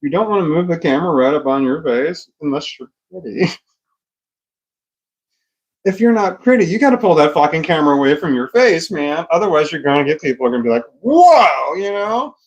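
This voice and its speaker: A man's voice: a little high, expressive, brisk, rough recording. A middle-aged man talking at home into a phone camera with a small microphone, rambling, swearing and losing his thread. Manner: rambling, profane, loses his train of thought. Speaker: vlogger. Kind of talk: rambling casual vlog. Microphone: phone camera with a small external microphone.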